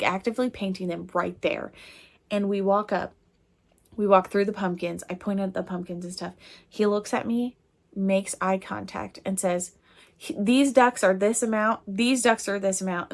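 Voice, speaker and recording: Chatty woman with a creaky voice. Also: mid-range voice. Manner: rambling, chatty, lots of fillers; giggly, laughing hard. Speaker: crochet designer and vlogger. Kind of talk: casual chat to camera.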